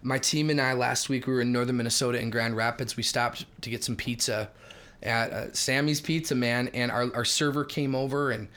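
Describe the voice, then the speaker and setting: A man co-hosting a casual faith podcast, telling lively stories and reading scripture aloud. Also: mid-range voice, fairly quick. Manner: animated storyteller, reads scripture aloud. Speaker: co-host.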